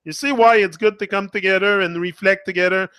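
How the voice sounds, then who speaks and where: A man with a Quebec French accent rambles through a casual live monologue and keeps answering a viewer while he cusses freely. His voice sits a little high and comes across bright and forceful. The sound is dry and close. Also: fairly even intonation, a little fast, clear, resonant tone, no echo. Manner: rambling, swears freely, talks back to a viewer. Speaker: motivational live streamer.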